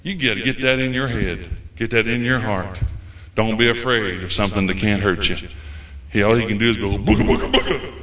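A man preaching a folksy, animated sermon as a visiting preacher. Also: lowish voice, brisk. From United States. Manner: folksy, animated, acts out quoted voices. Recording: echoey room.

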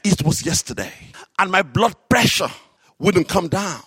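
A man preaching a sermon, telling stories with animated, drawn-out emphasis on key phrases. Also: high voice, husky, no room sound, clean studio sound. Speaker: works alongside a psychiatrist in an office.

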